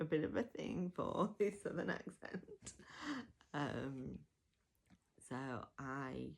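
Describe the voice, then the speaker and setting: A woman's voice: very deep voice, vocal fry. A woman giving a casual, chatty audiobook review, enthusiastic and full of fillers and self-corrections.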